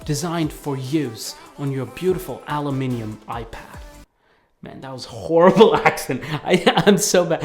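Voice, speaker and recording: A man giving a casual video review of a tablet. He talks in a chatty, excitable way and fills his sentences with "like". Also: on the high side. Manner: chatty and excitable, leans heavily on "like". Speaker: tech reviewer.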